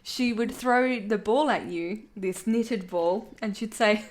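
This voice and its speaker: A young woman co-hosting a laid-back chat, speaking at an ordinary mid pitch. She recalls stories in a relaxed way and giggles often as she talks. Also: very slow. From Australia. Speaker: podcast co-host. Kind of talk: casual chat.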